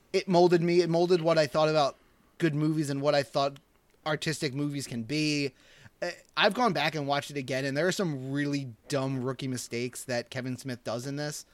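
A man co-hosting a podcast, rambling in animated, casual talk about films. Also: on the high side, no echo. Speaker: podcast co-host. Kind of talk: casual chat.

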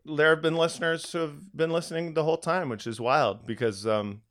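A man's voice: fairly high pitch, fairly even intonation, a little fast, a bit bright. A tired man with allergies co-hosting a casual podcast, rambling with many fillers. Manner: rambling, hesitant, lots of fillers. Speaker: podcast co-host.

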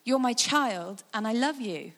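A woman voicing Jesus as a gentle, loving man who speaks calmly and tenderly. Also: a little high, measured pace, big-room sound. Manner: calm, tender repetition.

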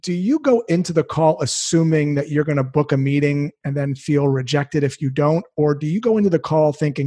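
A man's voice: a little high, expressive, a little fast, hardly any pauses, dark tone, slightly rough. A man hosting an interview, talking in an encouraging, reflective way. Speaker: podcast host. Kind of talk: casual interview chat.

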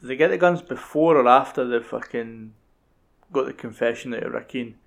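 A man's voice: mid-range voice, moderate pace, gravelly. A young Scottish man chatting casually and swearing freely while rambling through a film recap. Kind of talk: casual chat.

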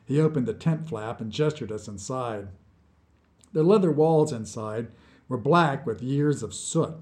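A man reading his own short story aloud as scripted narration, with slow, deliberate storytelling. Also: mid-range voice, a little mellow.

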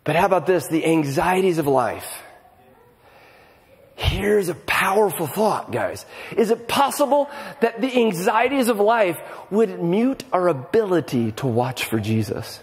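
A middle-aged pastor delivers a conversational sermon with animated energy at a measured pace, often repeating words as he begins sentences. His voice is a little high for a man and carries the long reverb of a large church hall.

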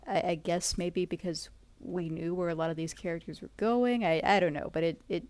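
A woman on a casual podcast with a lowish voice and a dry, close sound. She lays out her points thoughtfully in long, flowing sentences. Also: steady tone, a little fast, a little mellow, dry recording.

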